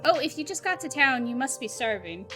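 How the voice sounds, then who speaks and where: A woman's voice: lowish voice, fairly even intonation, moderate pace, over music, lightly acted. A woman voicing a cheerful, welcoming townswoman.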